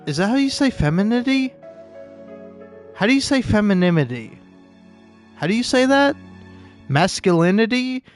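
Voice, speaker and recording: A man's voice: sits high, very animated, normal speed, long pauses. Young male gameplay commentator: sarcastic, rambling, stammering, light game music underneath.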